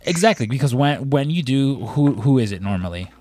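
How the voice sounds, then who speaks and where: A man's voice: mid-range voice, lively intonation, a little fast, darkish tone. A man on a podcast telling a long, rambling story in casual chat, swearing and acting out what people said. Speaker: podcast co-host.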